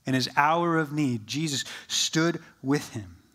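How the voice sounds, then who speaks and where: Man preaching, soft hushed quotes. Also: on the high side. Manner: shifts from lively to soft and slow when quoting Jesus. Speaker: pastor. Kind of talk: sermon.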